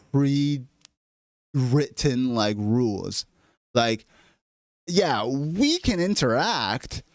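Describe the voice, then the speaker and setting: A man's voice: on the high side, dry recording, clean studio sound. A man delivering an exasperated, profane comedic rant straight to camera. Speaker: vlogger. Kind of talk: ranting comedic monologue.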